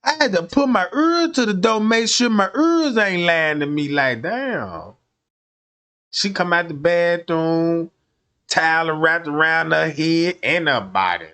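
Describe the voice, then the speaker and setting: A man's voice: a little high, animated, a little slow, sharp tone, clean tone. A man streaming, telling a crude comic story in a profane, rambling way and often checking that listeners follow.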